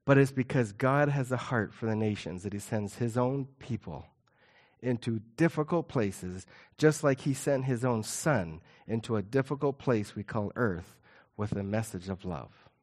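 A middle-aged man preaching a sermon to his church, earnest and emphatic, slowing down to stress key points. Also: medium pitch, a little mellow. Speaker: pastor.

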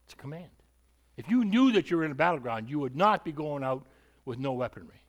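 A man's voice: fairly high pitch, expressive, a little fast. A male preacher giving an emphatic sermon, repeating points and asking rhetorical questions.

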